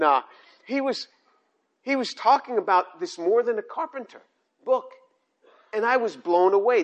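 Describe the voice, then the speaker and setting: An older man preaches on scripture in a high, lifted voice, pressing every point hard, repeating phrases, and stumbling into restarts. The sound is a bit bright but also slightly dull and lo-fi.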